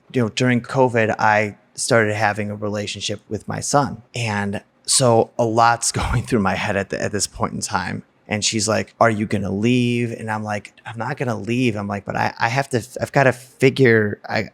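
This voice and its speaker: A man's voice: lowish voice, a bit bright. A man candidly recounting a personal story in a blunt, emotional way, swearing freely. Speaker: guest telling a personal story.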